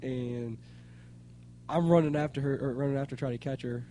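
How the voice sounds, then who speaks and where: A man's voice: medium pitch, steady tone, normal speed, noisy background. A man co-hosting a casual podcast chat, swearing freely and laughing while he tells stories. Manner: loud, swearing, laughing storyteller. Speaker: podcast co-host.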